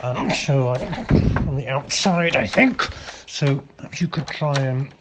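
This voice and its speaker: A man's voice: mid-range voice, lively intonation, slow pace, noisy background. A man leaving a hesitant, matter-of-fact voicemail for a friend in a comic sketch, full of ums.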